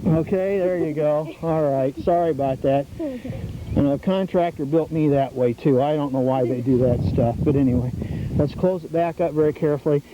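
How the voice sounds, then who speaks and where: A middle-aged man with a fairly high voice hosts an outdoor nature show, leading scouts along a birdhouse trail and coaching them in an enthusiastic, teacherly way at a moderate pace. The audio is dull 1990s public access TV sound with faint noise.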